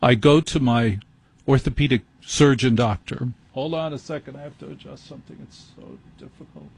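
A man's voice: medium pitch, moderate pace, creaky, darkish tone, breathy edge. A man hosting a late-night call-in radio show, telling a rambling, self-deprecating story. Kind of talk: rambling comic monologue. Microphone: studio microphone.

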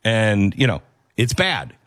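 A man's voice: lowish voice, huge pitch swings, takes it slowly, a bit bright, dry recording. Emphatic male commentary host, dry close sound. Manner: emphatic, preachy, repeats key phrases. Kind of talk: opinionated commentary on a video clip.

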